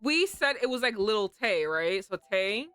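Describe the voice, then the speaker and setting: A woman streaming a visual novel, gushing excitably over the characters and laughing often. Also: medium pitch, moderate pace, clean tone, no echo, soft background music. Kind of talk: live let's play commentary.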